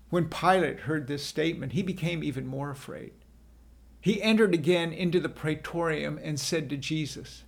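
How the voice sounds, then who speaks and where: Male narrator, dramatic scripture retelling, solemn, slow, gravelly. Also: fairly high pitch. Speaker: narrator as the apostle Peter.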